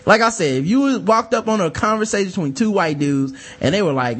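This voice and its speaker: A man with a high-pitched voice co-hosts a casual podcast. He talks loose and profane, reads listener mail aloud, and acts out the voices of the people he quotes. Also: animated, quick pace, few pauses, fairly bright tone, breathy edge. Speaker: podcast co-host. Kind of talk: casual chat.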